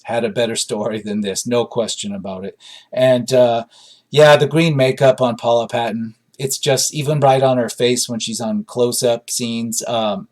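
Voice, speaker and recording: A man's voice: medium pitch, a little mellow. A man giving a casual spoken film review, rambling and dry, with frequent ums and side remarks.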